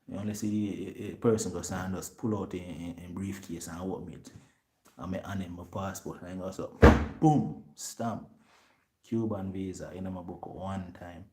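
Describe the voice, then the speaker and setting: A man with a Jamaican accent telling a story to his viewers in lively patois, acting out what other people said. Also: sits low, normal speed, background noise. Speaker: vlogger.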